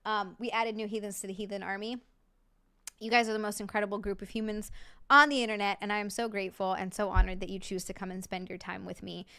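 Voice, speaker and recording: A woman's voice: mid-range voice, level tone, clean tone. A woman from Hawaii, a live streamer, chatting casually late at night, effusive and playful, rattling off thanks to her viewers. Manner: effusive, rapid shout-outs and playful asides.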